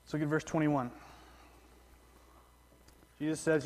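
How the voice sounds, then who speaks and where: Man preaching, slightly high, in a reverberant hall. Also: fairly even intonation, a little slow, pauses often, darkish tone. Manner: conversational preaching with repetitions and restarts. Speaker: pastor. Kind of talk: sermon.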